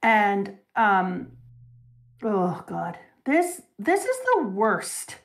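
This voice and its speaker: A woman in casual chat, recapping a story arc in an animated, emotional way and laughing now and then. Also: mid-range voice, extremely slow.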